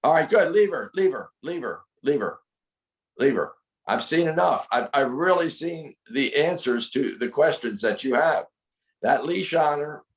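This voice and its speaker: A man's voice: medium pitch, roomy sound, rough recording. A man coaching a dog owner through training drills, firm and corrective, repeating his instructions. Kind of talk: hands-on coaching over a call.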